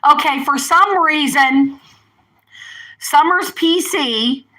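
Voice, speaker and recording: A woman's voice: sits high, slow, sharp tone, rough recording. An older woman hosting a casual live stream, rambling and chatty, often breaking off to talk to her pets and family. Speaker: livestream host.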